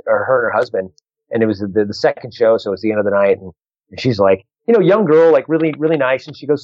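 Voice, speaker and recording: A man working as a stand-up comedian, telling a story in a casual, animated way, restarting phrases and acting out the people in it. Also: medium pitch. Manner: animated, quick restarts, acts out other voices. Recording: dull lo-fi dry recording.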